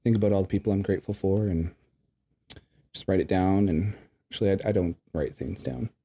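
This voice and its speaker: A man from Canada co-hosting a podcast in casual chat, teasing and quick to laugh. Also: low voice, vocal fry, mellow, husky. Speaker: podcast co-host.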